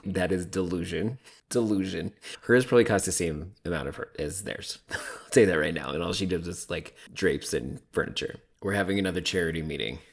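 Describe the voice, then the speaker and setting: A man with a deep, low voice talks through a reality TV episode in a relaxed, chatty recap. He gives his opinions freely and thinks out loud, with plenty of "like". Quick laughs come easily between his remarks. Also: creaky. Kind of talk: casual recap commentary.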